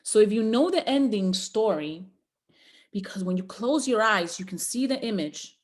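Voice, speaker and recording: A woman's voice: medium pitch, lively intonation, normal speed, darkish tone. A woman giving a motivational talk to a group call, preacher-like and exhorting, with repeated rallying lines. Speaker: motivational trainer.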